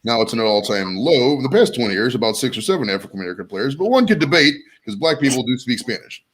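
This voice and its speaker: Guy hosting a podcast, swears a lot, voice jumps all over the place, medium pitch. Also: fast talker, rough recording. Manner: jokey, profane, animated riffing. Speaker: podcast host. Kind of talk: casual chat.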